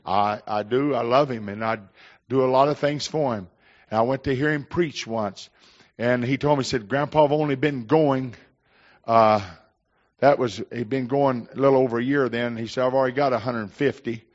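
A man's voice: medium pitch, normal speed. Older man, pastor, folksy storytelling sermon, emphatic swells, slightly muffled recording. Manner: folksy storytelling preacher, rising to emphatic declarations.

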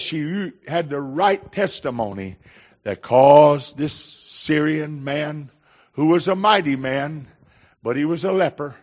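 A man's voice: a little high, animated, unhurried. An older man preaching a sermon, telling folksy stories and rising into emphatic declarations. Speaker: pastor. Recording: slightly dull, muffled recording.

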